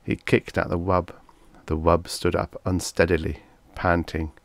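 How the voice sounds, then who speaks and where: A man reading a vintage science fiction story aloud as an audiobook narrator, in a measured storytelling manner. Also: sits low, flat delivery, gravelly, no room sound. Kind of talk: scripted narration.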